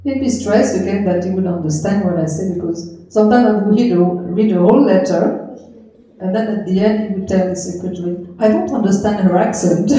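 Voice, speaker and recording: Gently laughing woman in a very echoey room. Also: medium pitch, normal speed, a little hiss or hum. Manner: gentle storytelling with frequent soft laughter. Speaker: swami, yoga teacher. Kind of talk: anniversary talk recalling memories of her teacher.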